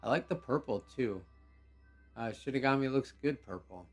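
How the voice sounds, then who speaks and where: A man hosting a live game show stream, talking casually in a relaxed, rambling way with many fillers. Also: medium pitch, moderate pace, breathy edge, faint music behind.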